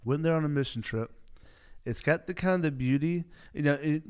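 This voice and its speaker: A man's voice: mid-range voice, moderate pace, clean tone. Rambling young man hosting a podcast. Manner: rambling, self-correcting, many filler words. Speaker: podcast host. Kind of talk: casual solo podcast chat.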